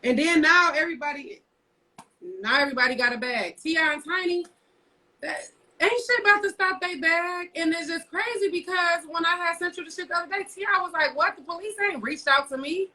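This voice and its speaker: A woman's voice: very high-pitched, brisk, pushed and bright, far from the mic, low-quality recording. A woman co-hosting a casual live stream, telling stories in a blunt, profane rant. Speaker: co-host. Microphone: phone livestream.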